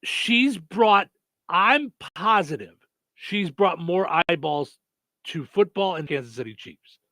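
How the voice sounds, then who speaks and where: A man's voice: high-pitched, expressive, slow pace, bright, forceful tone, dry recording. A man hosting a radio morning show, chatting casually with many fillers and restarts. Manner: rambling, lots of fillers and restarts.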